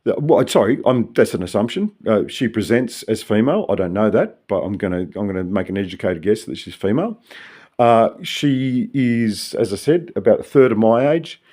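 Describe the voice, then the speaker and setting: A man's voice: on the low side, animated, normal speed, warm tone. Older Australian man rambling to camera. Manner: rambling, tangential, profane. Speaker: vlogger. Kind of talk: rambling solo monologue.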